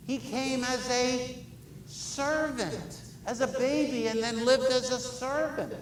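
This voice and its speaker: A man's voice: very high voice, slow, reverberant, recorded from a distance, slight background noise, rough recording. A man preaching a sermon in a conversational way, often putting questions to his listeners. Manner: conversational, asks the congregation many questions. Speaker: pastor.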